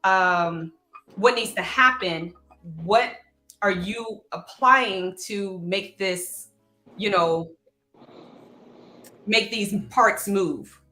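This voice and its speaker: A woman's voice: medium pitch, extremely slow, pauses often, bright, forceful tone, faint music behind. A woman co-hosting a live podcast, talking easily and telling a story with lots of fillers. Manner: easygoing, laughs often, tells stories with many fillers. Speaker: podcast co-host. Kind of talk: casual conversation. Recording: echoey room.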